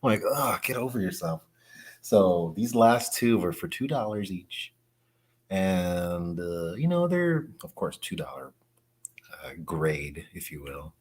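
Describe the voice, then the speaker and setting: Man, casual livestream chat, excitable, slangy, lots of laughing, low voice, slow drawl. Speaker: comic collector streamer.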